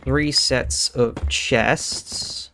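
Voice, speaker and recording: Young male streamer, relaxed slow pace, mid-range voice, casual muttering commentary. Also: medium pitch, a little hiss or hum. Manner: thinking aloud, muttering counts under his breath.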